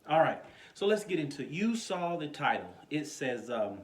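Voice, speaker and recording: A man preaching an informal online sermon as pastor, talking in a chatty, animated way and chuckling now and then, recorded on a phone. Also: medium pitch, normal speed. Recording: echoey room.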